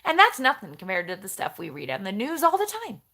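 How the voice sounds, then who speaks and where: A woman's voice: medium pitch, huge pitch swings, fast talker, pushed and bright. A woman hosting a casual live stream, chatting in a rambling way and talking straight to her viewers as she reads their comments. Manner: chatty and rambling, jumps between topics, talks straight to viewers.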